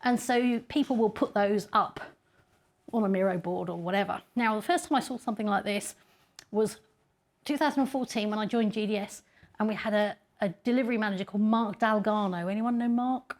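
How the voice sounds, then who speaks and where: A woman's voice: mid-range voice, fairly quick. Chatty woman giving a talk. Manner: chatty, self-deprecating, laughs often. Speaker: conference speaker. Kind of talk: casual conference talk.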